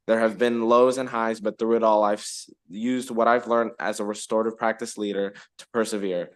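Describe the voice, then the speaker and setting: A man's voice: fairly low pitch, flat delivery, moderate pace. A fourteen-year-old boy reading prepared testimony to a legislative committee, with careful reading and small restarts. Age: teens. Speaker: student witness.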